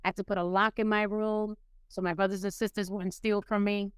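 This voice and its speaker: A middle-aged woman from Puerto Rico, raised in New York City, telling her life story as a podcast guest in a lively way, acting out the people she quotes. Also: a little fast, clean tone, no room sound. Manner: animated, acts out quoted people with rising pitch. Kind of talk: casual storytelling interview.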